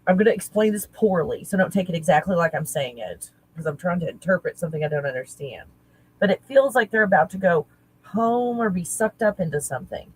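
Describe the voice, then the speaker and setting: Husky woman musing in halting bursts. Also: fairly low pitch, animated, poor audio. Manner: halting, searching, self-correcting with nervous laughs. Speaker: spiritual teacher. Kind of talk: casual channeling talk.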